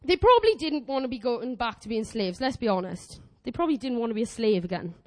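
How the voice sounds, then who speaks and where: A woman in her twenties preaching a lively sermon, animated and exclamatory, acting out quoted prayers. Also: a little high, fast. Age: 20s.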